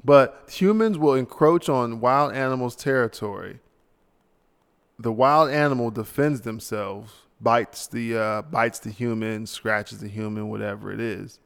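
A man's voice: medium pitch, measured pace, creaky, clear, resonant tone, in a large hall. A man hosting a solo podcast, ranting casually and sounding tired late at night. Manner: casual, ranting, tossing in mock voices. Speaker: podcast host.

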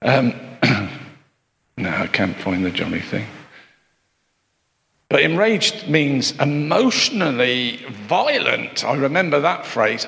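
A man's voice: mid-range voice, sing-song, slow, gravelly, long pauses, fairly bright tone. A man preaching a sermon, chatty, with asides and rhetorical questions to his congregation. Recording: long hall reverb.

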